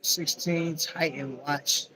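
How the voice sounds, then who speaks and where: A man's voice: on the high side, steady tone, slow, crowd noise, low-quality recording. An American man hosting a casual live chat from a busy restaurant, joking and slangy, talking into a phone. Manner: slangy, joking, calls viewers bro. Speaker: livestream host.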